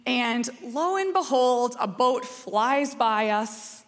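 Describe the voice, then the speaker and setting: A woman's voice: fairly high pitch, slow. Chatty woman pastor in an echoing church. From Minnesota, USA. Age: 40s. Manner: lively, chatty, self-mocking, often checks in with "okay?". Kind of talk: storytelling sermon. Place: church sanctuary. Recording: long reverb of a church hall.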